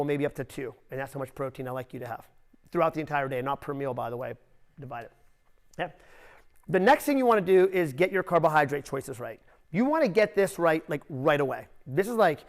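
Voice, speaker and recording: A man leading a nutrition seminar, talking straight to the group with direct coaching and quick asides. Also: fairly high pitch, clear, resonant tone. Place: seminar room.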